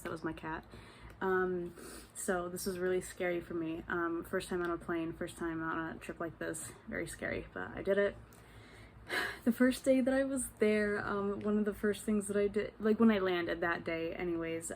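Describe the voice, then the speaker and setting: A woman's voice: mid-range voice, a little hiss or hum. A woman from the United States recording a casual travel vlog at home, chatty and full of fillers, swearing freely. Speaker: travel vlogger.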